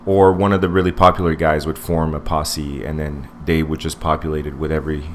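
A man's voice: rumbling low, flat delivery, brisk, slight background noise. A man in his forties co-hosting a casual podcast movie review, rambling with many fillers and restarts. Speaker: podcast co-host.

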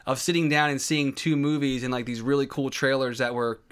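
A man's voice: mid-range voice, fairly even intonation, fairly quick, clean tone. A man co-hosting a podcast, chatting casually about films in a loose way full of fillers. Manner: loose, peppered with "like" and "you know". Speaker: podcast co-host. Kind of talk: casual film chat.

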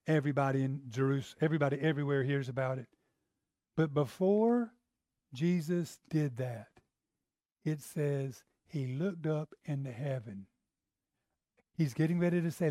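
A man preaching a sermon, emphatic and conversational, swinging from loud to hushed and acting out scenes. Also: a little high, no echo, clean studio sound.

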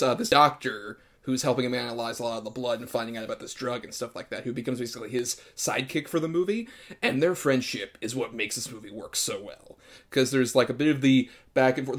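A man talking about a film in a relaxed, chatty way, swearing now and then. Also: medium pitch. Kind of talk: casual film discussion.

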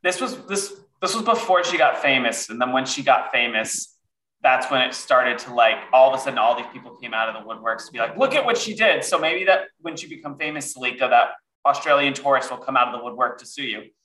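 A man co-hosting a casual podcast chat, expressive and dramatic, swearing freely. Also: mid-range voice, brisk, echoey room, low-quality recording. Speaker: co-host.

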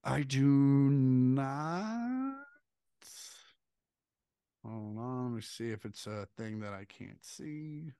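A man co-hosting a podcast, rambling and swearing casually, with sudden animated bits of mimicry. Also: medium pitch, drawn-out words, long pauses, smooth, no room sound. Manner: rambling, profane, jumps into animated impressions. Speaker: podcast co-host.

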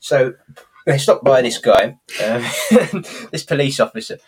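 A man's voice: mid-range voice, expressive, unhurried. A man co-hosting a podcast, recapping a sitcom episode in rambling casual chat. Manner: rambling, with restarts and laughs. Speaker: podcast co-host.

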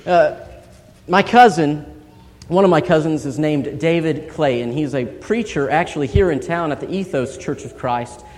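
A man's voice: fairly high pitch, moderate pace. A man preaching a sermon in church, telling stories and acting out quoted voices. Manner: storytelling, animated quoted voices. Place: large church hall. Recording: long hall reverb.

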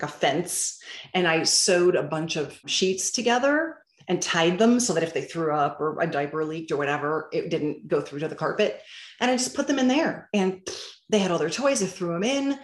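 Woman, lowish voice, animated storyteller, roomy echo. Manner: animated storyteller who acts out dialogue. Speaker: parent guest sharing parenting advice. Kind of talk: casual interview talk.

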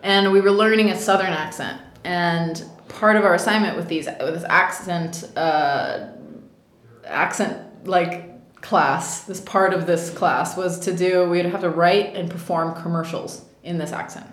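A woman's voice: lowish voice, fairly even intonation, measured pace. A woman in her thirties, an actress being interviewed, telling stories in a chatty way with lots of laughs and fillers. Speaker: actress guest. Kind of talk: casual interview storytelling. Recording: echoey room.

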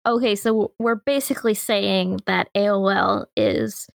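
A woman's voice: mid-range voice, unhurried, vocal fry, no room sound, studio quality. A woman playing in a tabletop game, chatting with enthusiasm. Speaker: player.

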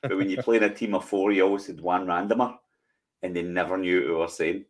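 A man's voice: low voice, fairly even intonation, quick pace. A Scottish man in his forties co-hosting a podcast, chatting in self-mocking banter. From Scotland. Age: 40s. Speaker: podcast co-host. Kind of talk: casual chat.

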